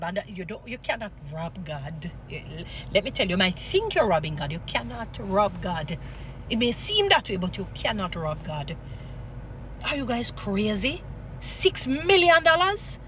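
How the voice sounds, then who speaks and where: Fiery, bright-voiced Jamaican woman preaching. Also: a little high, a little hiss or hum. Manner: animated, preachy, mixes patois and English, scolding. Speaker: vlogger. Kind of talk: impassioned commentary with Bible stories.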